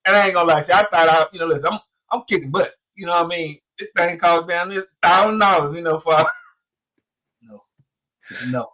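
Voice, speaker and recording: Man, 40s, high voice, chatty storyteller who acts out dialogue. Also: a little fast. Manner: animated storyteller, acts out quotes, many fillers. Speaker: podcast co-host. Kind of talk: casual storytelling chat.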